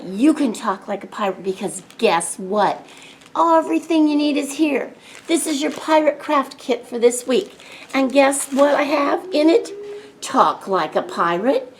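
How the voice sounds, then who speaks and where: A woman, a children's librarian, showing a pirate hat craft to kids with animated, playful pirate greetings. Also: fairly high pitch, a little hiss or hum, rough recording.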